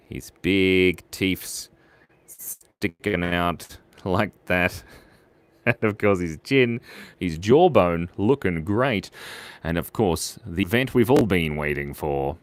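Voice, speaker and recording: A man's voice: low voice, no room sound. A man hosting a live drawing stream, chatting with viewers in a playful, silly way. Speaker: online drawing show host.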